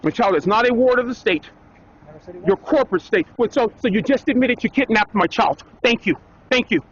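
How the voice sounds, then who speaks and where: A man's voice: extremely high pitch, animated, moderate pace, slightly rough. A man arguing defiantly in a recorded confrontation, insisting and repeating himself. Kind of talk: heated confrontation caught on camera. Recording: dull, lo-fi clip with faint background noise.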